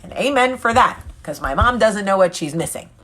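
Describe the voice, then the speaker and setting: In a casual live chat with her viewers, a vlog host in her forties jokes openly and reads their comments aloud to respond. She talks at normal speed in a mid-range voice that's a bit bright, with lively intonation.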